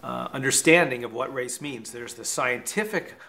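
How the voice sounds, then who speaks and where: A man's voice: medium pitch, normal speed, vocal fry, pushed and bright, reverberant. A man giving a documentary interview in an explanatory way.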